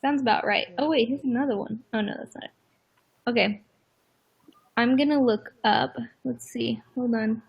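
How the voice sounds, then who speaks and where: Husky giggly young woman. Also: on the high side, moderate pace, lo-fi sound. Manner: giggly, reads aloud in an animated way. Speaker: friend co-hosting a livestream. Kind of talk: casual livestream chat, reading name definitions aloud.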